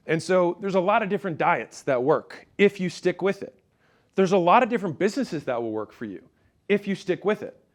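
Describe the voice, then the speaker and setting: A man's voice: high voice, animated, a little fast. Punchy man giving a motivational business talk. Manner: storytelling, punchy, talks straight to the audience. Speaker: business speaker.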